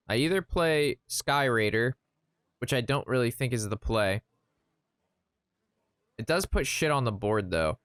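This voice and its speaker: A man chatting casually while playing a card game, retelling an anecdote in an animated, rambling way. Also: medium pitch, smooth, dry recording. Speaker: gaming streamer. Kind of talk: casual gameplay commentary with storytelling.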